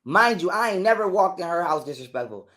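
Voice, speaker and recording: High-voiced man telling a heated story. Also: lively intonation, fairly bright tone. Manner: heated, profane, talks fast in street slang. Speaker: guest telling a personal story. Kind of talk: casual storytelling on a call.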